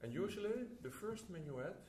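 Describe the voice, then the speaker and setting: Coaching a clarinet masterclass in slightly non-native English, this man frequently sings phrases to show how the music should go. He speaks at a normal speed in a high, animated voice with a dark tone, in a roomy hall with instruments and slight background noise.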